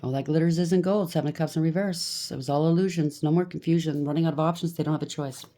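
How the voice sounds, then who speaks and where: A woman with a low, mellow voice doing a tarot card reading. She speaks bluntly and scolds freely, with faint noise in the background. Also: fairly even intonation, fast. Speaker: tarot reader.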